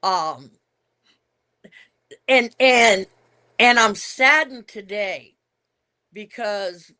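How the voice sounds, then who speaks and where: A woman's voice: fairly high pitch, very slow, pauses often, sharp tone. An older woman, a retired wrestler, telling stories from her career in a casual interview. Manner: reminiscing storyteller, emphatic.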